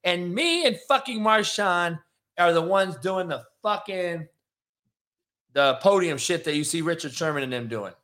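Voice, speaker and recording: A man hosting a sports podcast, ranting in a profane, animated, casual way. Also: sits high, a little slow. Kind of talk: casual chat.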